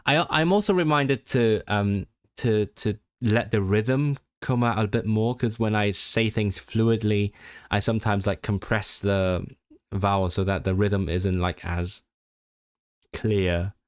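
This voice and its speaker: A young man with a fairly low, smooth voice works through practice sentences, repeating words and stopping to correct himself. He talks casually, switching between study and chatter, recorded close and dry with almost no room sound. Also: steady tone, a little slow, dry recording. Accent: non-native Welsh learner. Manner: thinks aloud, reads Welsh sentences aloud, self-corrects and repeats words. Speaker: language learner streamer. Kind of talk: casual livestream study session.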